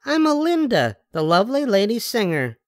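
An older man reading a storybook aloud, putting on a high falsetto voice for a bossy, theatrical little girl who fancies herself a star. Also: wildly swooping pitch, moderate pace, dry recording, studio quality.

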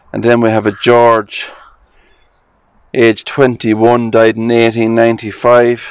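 A man's voice: on the low side, darkish tone, no room sound. A man with an Irish accent walking through a graveyard, reading old inscriptions aloud and musing about them. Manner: reads headstone inscriptions aloud slowly, musing. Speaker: cemetery vlogger. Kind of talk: casual walking commentary. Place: outdoor graveyard.

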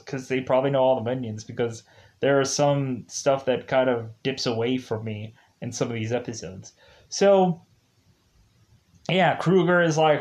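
A man's voice: mid-range voice, moderate pace, a little mellow. A man giving a casual, rambling review of a show's episodes, full of fillers and restarts. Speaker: show reviewer.

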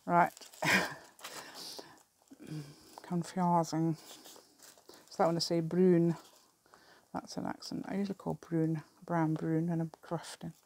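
A woman's voice: low voice, level tone, brisk, creaky, hardly any pauses. A middle-aged woman chatting casually while she crafts, rambling, laughing often and muttering asides to herself. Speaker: craft video maker.

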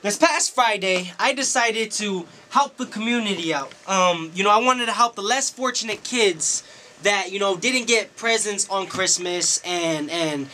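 A man with a high voice tells a personal story straight to camera. He is loose, slangy and animated, and he swears freely as he goes. His voice has a bright, forceful edge. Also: measured pace, a little hiss or hum. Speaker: DJ and club promoter. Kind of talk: casual storytelling monologue to camera.

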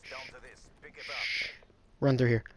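A man giving live gameplay commentary, frustrated and swearing, with sudden excitable outbursts. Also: medium pitch, extremely slow. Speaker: gaming video creator.

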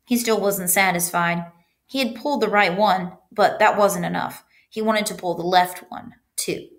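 Teacher lady reading a kids' chapter book out loud, lively, stops to point out the page. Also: medium pitch, normal speed. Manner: animated storytelling with stops to guide the class. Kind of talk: reading aloud to students.

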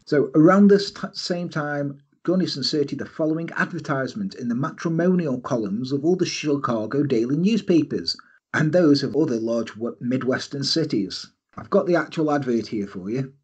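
A podcast host recounts a true-crime story in a jokey, giggly way, reading aloud and then riffing on it. His mid-range voice is animated and breathy-edged, at a moderate pace.

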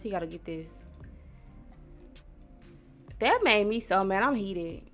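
In an expressive, mid-range, fairly bright voice, a Missouri-born young woman narrates her life-sim gameplay for YouTube with casual slang. She talks to the characters and to herself, gets annoyed easily, and faint music sits in the background.

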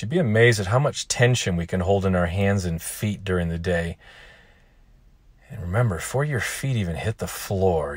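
Brief: male yoga teacher, low voice, dry close sound, calm soothing cues. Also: no echo. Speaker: yoga instructor. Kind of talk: guided yoga class. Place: outdoors.

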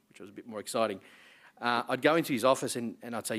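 A middle-aged Australian man with an Australian accent delivering a formal memorial address in a measured, earnest way, with the occasional filler. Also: mid-range voice, a bit bright. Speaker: member of parliament giving a memorial speech.

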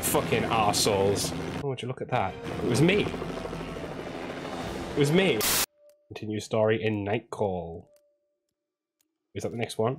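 A man doing let's play commentary, joking and self-mocking and swearing freely as he plays. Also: lowish voice. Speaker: gaming streamer. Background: game music.

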